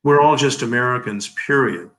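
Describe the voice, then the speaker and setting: A man's voice: medium pitch, moderate pace, a bit bright, poor audio. A man in his seventies giving emphatic, oratorical legal commentary as an interview guest, leaning on rhetorical questions. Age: 70s.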